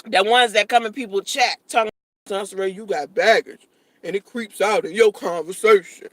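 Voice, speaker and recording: A woman's voice: mid-range voice, normal speed, no echo. A woman in her late thirties hosting a casual livestream, eating and talking with her mouth full, blunt and profane. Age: 30s. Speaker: livestream host.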